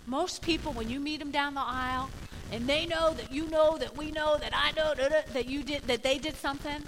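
A woman's voice: high voice, fairly even intonation, moderate pace, a bit bright, slight background noise, low-quality recording. A woman pastor giving a sermon in an emphatic, conversational way, acting out the people she quotes.

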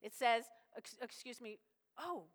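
A woman pastor preaching a sermon in a lively, folksy way, slipping into little acted-out voices. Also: a little high, unhurried, long reverb tail.

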